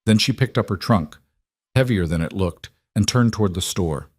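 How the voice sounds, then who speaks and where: Male narrator, low register, dead-dry booth sound; calm, measured storytelling. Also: breathy edge, no room sound. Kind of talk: scripted narration.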